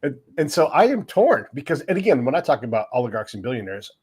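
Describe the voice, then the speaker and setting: Husky-voiced blunt podcast host. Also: male voice, medium pitch, big pitch swings, fast, darkish tone. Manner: blunt, profane, laughs easily. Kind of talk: casual podcast conversation.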